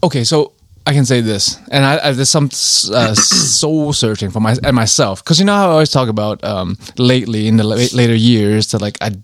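A man's voice: medium pitch, a little fast, few pauses, dry recording, clean studio sound. A man co-hosting a podcast in casual chat, rambling with frequent restarts and laughs between thoughts. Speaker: podcast co-host.

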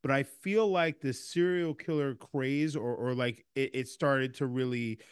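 A man's voice: mid-range voice, measured pace, clean tone, dry recording. Rambling male podcast co-host, dry sound. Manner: rambling, restarts often, speeds up when riled. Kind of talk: casual chat.

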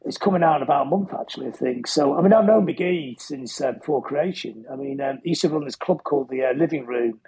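A man's voice: medium pitch, quick pace, gravelly, few pauses, a little mellow, husky, poor audio. A middle-aged man telling rambling anecdotes as an interview guest, chatty and full of restarts. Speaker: interview guest, musician and author. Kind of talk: casual storytelling interview.

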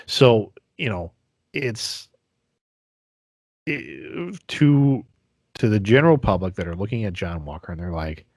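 A middle-aged man in casual chat, animated and acting out quotes in voices. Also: fairly low pitch, measured pace, pauses often, no echo, studio quality.

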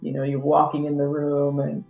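Podcast host, mid pitch, thoughtful, halting, lots of fillers, echoey room. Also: completely flat delivery, vocal fry, phone-quality sound, faint music behind. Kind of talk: podcast interview.

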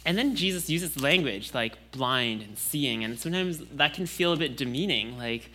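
A young man preaching a Sunday sermon in a relaxed, conversational way, with casual fillers and restarts. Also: medium pitch, moderate pace, hardly any pauses, slight background noise.

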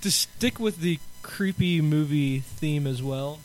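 A man co-hosting a podcast, chatting in a relaxed way and laughing easily. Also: on the high side, slow pace, slight background noise, low-quality recording. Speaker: podcast co-host. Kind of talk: casual chat.

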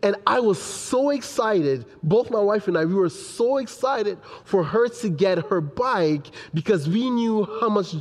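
A young man preaching a sermon in an animated way, acting out his children's voices. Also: high-pitched, long reverb tail. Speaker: pastor.

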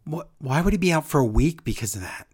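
A podcast co-host recapping a wrestling show in casual chat, sarcastic and animated as they tell the story. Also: mid-range voice, fast, slightly rough.

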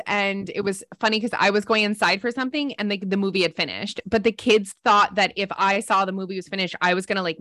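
A woman chatting casually as a co-host, relaxed and laughing along with her friend. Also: mid-range voice. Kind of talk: casual chat.

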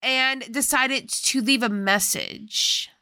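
A woman's voice: on the high side, takes it slowly, sharp tone, no room sound. A woman co-hosting a podcast, chatting casually as she explains the plot of a movie. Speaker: podcast co-host. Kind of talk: casual chat recapping a movie.

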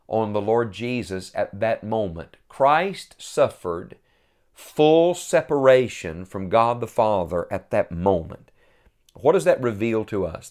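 A male preacher delivering a sermon in a mid-pitched voice. He speaks earnestly, rising to loud cries on quoted words before falling back to a quieter, steady delivery.

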